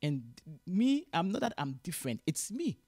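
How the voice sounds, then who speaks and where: In a clean, echo-free studio recording, a middle-aged Ghanaian woman guest speaks at normal speed with a lowish voice and big pitch swings. She switches between Twi and English, passionate and lecturing, her volume rising when she gets stirred up.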